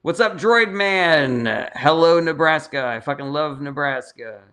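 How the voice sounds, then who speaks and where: A man's voice: a little high, animated, unhurried, sharp tone, smooth. A man hosting a casual livestream Q&A, answering viewer questions bluntly and swearing often. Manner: blunt, profane, reads viewer comments aloud. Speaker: political livestream host.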